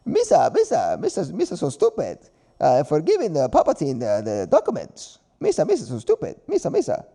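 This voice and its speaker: A man's voice: fairly high pitch, wildly swooping pitch, brisk, creaky, warm tone, husky, exaggerated voice. A man voicing a clumsy, goofy male alien creature who talks in broken, silly phrases. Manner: broken silly talk, dim-witted.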